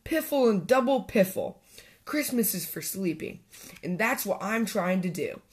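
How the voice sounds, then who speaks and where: A woman's voice: mid-range voice, expressive, unhurried, lightly acted. A woman voicing a grumpy male badger in a storybook, huffing and spluttering with annoyance.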